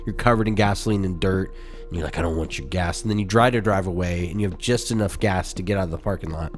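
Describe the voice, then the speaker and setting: A man's voice: deep voice, fast, faint music behind. A man co-hosting a podcast, chatting casually and rambling with fillers. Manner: rambling, with many fillers and laughs. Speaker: podcast co-host. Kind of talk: casual chat.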